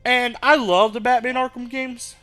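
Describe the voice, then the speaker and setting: A man's voice: very high voice, steady tone, normal speed, pushed and bright, faint music behind. A man hosting a let's play, rambling casually and thinking aloud, with the odd swear. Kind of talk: rambling gameplay commentary.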